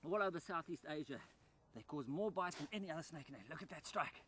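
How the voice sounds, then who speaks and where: A man presenting a wildlife documentary outdoors in rice fields, animated and excited, dropping to a hushed voice near the animal. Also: a little high, fast talker, slight background noise.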